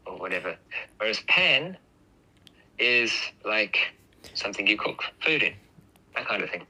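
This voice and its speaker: A man with a very bright, forceful, somewhat low voice talks casually and patiently explains speech sounds, stopping to demonstrate them aloud. The sound has a slight radio-like quality. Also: animated, measured pace, pauses often, rough recording. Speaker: host.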